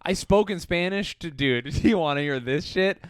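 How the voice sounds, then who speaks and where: A man with a somewhat high, smooth voice tells stories on a podcast in animated, casual chat. He laughs often and swears freely. The sound is close and dry. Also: normal speed, no echo. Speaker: podcast co-host.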